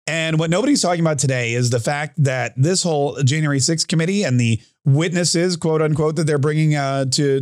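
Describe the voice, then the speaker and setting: His voice leans high, and the clean studio recording carries no room sound. Opening his own podcast with news and his opinions, this podcast and radio host talks casually about politics, rambling somewhat and often restarting or tossing in side comments.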